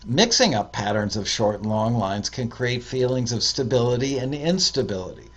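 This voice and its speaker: A man's voice: mid-range voice, lively intonation, moderate pace. A man hosting a show, reading out viewer tips in a casual way, with fillers and self-corrections. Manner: reads aloud with hesitant fillers and self-corrections.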